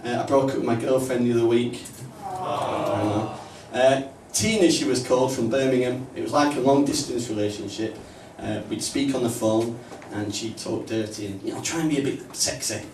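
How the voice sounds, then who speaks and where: A man with a Northern English accent doing a stand-up comedy set in a small pub club, with punchy, deadpan delivery. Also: medium pitch, normal speed, few pauses, a little hiss or hum. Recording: roomy, distant live mic, faint ambience.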